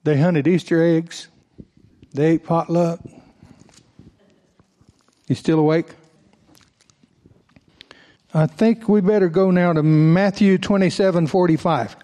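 A man's voice: fairly high pitch, slow, pauses often, mellow. Man preaching and reading scripture. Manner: reads scripture aloud, breaking off for folksy asides to the congregation; raises his voice for emphatic passages. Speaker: pastor.

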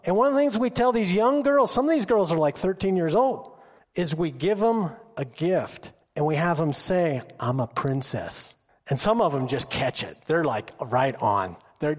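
A middle-aged man giving an informal sermon full of stories, acting out quotes in an excited voice. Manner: animated, acts out quotes with high excited pitch. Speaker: preacher. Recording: long hall reverb.

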